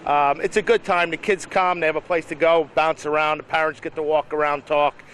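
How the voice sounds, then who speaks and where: A man, a police chief, answering interview questions outdoors in a plain, halting way. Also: fairly high pitch, flat delivery, fairly bright tone, a little hiss or hum. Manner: plain-spoken, halting with fillers. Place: outdoors in a town street.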